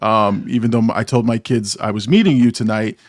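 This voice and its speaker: A man's voice: fairly low pitch, a little fast, dry recording, studio quality. A man in his forties hosting a casual movie chat, rambling and self-deprecating, laughing often. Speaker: podcast host.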